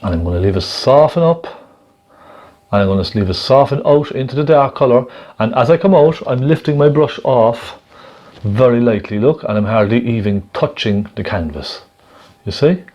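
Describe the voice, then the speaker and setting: A man gently demonstrating a painting technique step by step, chatting and checking in with the viewer as he works. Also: mid-range voice, lively intonation, normal speed, muffled recording. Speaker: painting instructor.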